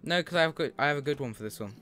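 A young streamer and host with a fairly high, expressive, slightly bright voice races through casual commentary on the game he's playing. He's chatty and upbeat, swearing freely. Faint game music plays in the background.

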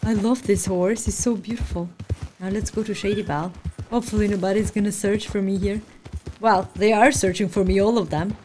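A woman's voice: mid-range voice, steady tone, fairly quick, dark tone, slight background noise. A woman hosting a casual let's-play, reacting to the game in a gushing, emotional way, talking into a desk microphone. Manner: gushing, emotional, easily delighted. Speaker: gaming channel host.

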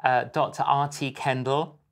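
Unhurried older male interview host. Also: mid-range voice, fairly even intonation, gravelly. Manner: measured, halting, with frequent fillers. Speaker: host, evangelist. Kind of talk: interview conversation.

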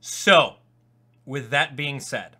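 A young man giving casual live-stream commentary on a video game, swinging from low mumbles to loud disbelief. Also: drawn-out words. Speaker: gaming YouTuber.

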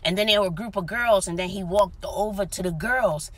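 A woman's voice: medium pitch, fairly quick. A woman vlogger telling a dramatic story in casual chat, often dropping to whispers, recorded inside a parked car. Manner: animated, dramatic retelling with whispered asides.

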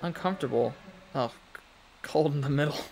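A man's voice: fairly high pitch, a little fast, gravelly, a little mellow, faint music behind. A man giving casual, chatty commentary on his own gameplay, talking to the game characters and laughing often. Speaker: let's play gamer.

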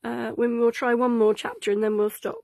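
A woman's voice: a little high, little pitch movement, a little fast, creaky, a little mellow, no echo. A woman reading an old cookbook aloud to children in a cosy, chatty, sing-song way, sounding sleepy and yawning. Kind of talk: gentle read-aloud for children.

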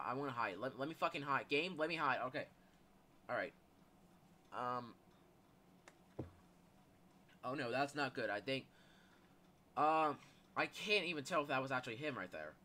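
A man's voice: medium pitch, expressive, moderate pace, pauses often, bright, forceful tone, a little hiss or hum. Yelping, panicky gamer guy. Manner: panicky, yelping and swearing at the game; rambling with many fillers and restarts. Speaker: gaming YouTuber. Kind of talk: live gameplay commentary.

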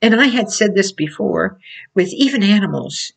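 A woman preaching in an informal sermon, telling her points as slow stories and laughing often between phrases. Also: medium pitch, lively intonation, vocal fry. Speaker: Christian teacher. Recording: voice from far off the mic.

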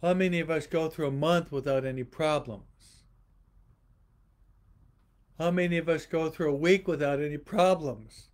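A priest giving a homily to an online audience, slowly repeating rhetorical questions and often pausing and restarting mid-sentence. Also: male voice, a little high, fairly even intonation. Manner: slow, repetitive preaching with rhetorical questions; pauses and restarts often, speaking to online viewers. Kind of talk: livestreamed homily.

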